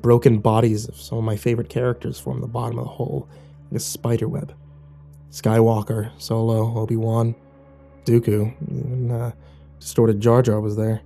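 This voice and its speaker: A man reads a first-person horror tale in a hushed, measured way, his voice dark and mellow. Faint music sits quietly behind the narration. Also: fairly low pitch.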